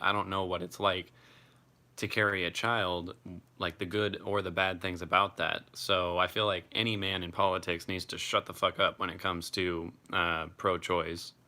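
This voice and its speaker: Deep, bright-toned young man chatting. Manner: relaxed, chatty, swears freely. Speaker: live streamer. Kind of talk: casual live chat reading comments.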